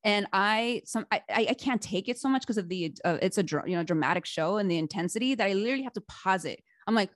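Podcast host, woman, lively chatty delivery with frequent laughs, dry close sound. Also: mid-range voice, fast talker, hardly any pauses, no room sound. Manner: animated, laughs often, chatty with restarts. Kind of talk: casual interview chat.

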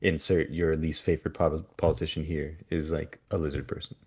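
A man's voice: very deep voice, little pitch movement, fairly quick, a little mellow, breathy edge. A man co-hosting a podcast, trading wry jokes in casual recap chat. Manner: wry, jokey asides. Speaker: podcast co-host.

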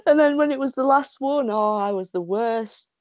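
A woman from the UK chats about meeting an actor, gushing and giggling as she tells the story. Her voice sits on the high side. The sound is dry and a bit muffled, like low-fidelity call audio. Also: normal speed, dry recording. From United Kingdom. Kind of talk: casual chat.

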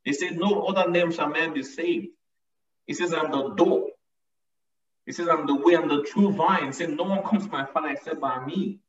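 A man's voice: on the high side, moderate pace. A man preaching a sermon with emphasis, often repeating his lines to drive them home. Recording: echoey, distant, dull sound.

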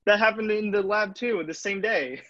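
A young man with a somewhat high voice joins a casual podcast, firing off quick quips and short stories. He sounds dry and close over dull, lo-fi call audio. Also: fairly bright tone, no room sound. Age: young adult. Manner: quick quips, laughing often. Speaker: podcast co-host. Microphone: video call.

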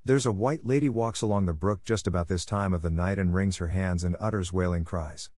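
A man's voice: low voice, a little fast, a little mellow, dry recording. A man voicing an imaginative, eager orphan girl of about eleven, talking in a breathless, dramatic rush. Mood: thrilled.

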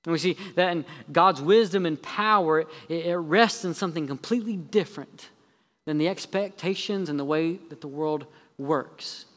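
A man preaching from the pulpit. His voice sits a bit higher than most men's and rings with a long church-hall reverb. He races through sarcastic lists, then slows and drops low for the main points. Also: a bit bright. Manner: heavy sarcasm with quick repeated phrases. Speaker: pastor. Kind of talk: sermon. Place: church sanctuary.

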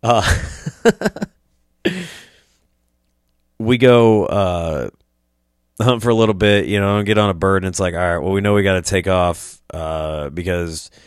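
Profane, animated storyteller man. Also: deep voice, a little slow, pauses often, smooth, no room sound, clean studio sound. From Iowa. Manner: profane, animated, acts out quoted voices. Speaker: podcast host telling a story. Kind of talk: casual storytelling.

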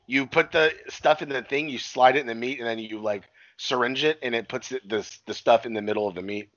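Speaking briskly at medium pitch with a bit of brightness, a man retells a movie plot in casual conversation, profane and rambling, acting out the quotes. He's a podcast co-host. There's no echo, though the recording sounds muffled.

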